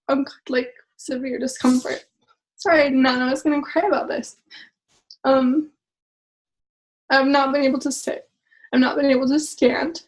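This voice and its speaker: A woman's voice: a little high, low-quality recording. A woman hosting a casual live chat, talking earnestly and openly, often laughing and sometimes getting emotional. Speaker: host.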